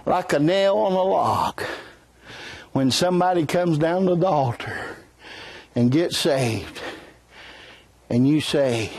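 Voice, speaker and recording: A man preaching a sermon in a fervent style that swells into shouts, with folksy conversational asides. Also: a little high, animated, slow pace, pauses often, no echo.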